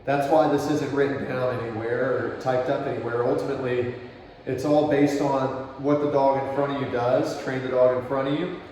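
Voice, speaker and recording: A man working as a dog trainer, explaining his steps while he demonstrates, relaxed and praising the dog softly. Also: mid-range voice, normal speed, a little hiss or hum. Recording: distant, roomy outdoor camera audio.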